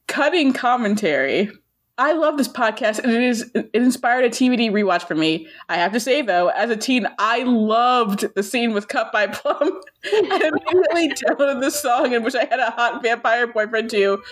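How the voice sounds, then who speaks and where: A woman's voice: a little high, animated, moderate pace. Woman co-host reading reviews, teasing. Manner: playful, teasing, laughs often. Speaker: podcast co-host. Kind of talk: casual chat, reading listener reviews aloud.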